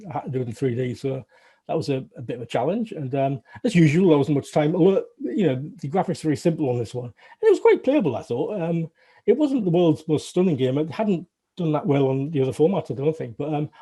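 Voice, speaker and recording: Wry Northern English man, soft husky voice. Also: on the high side. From Northern England. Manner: rambling, self-deprecating, wry humour, many restarts. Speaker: guest, former games programmer. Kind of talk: casual interview recollection.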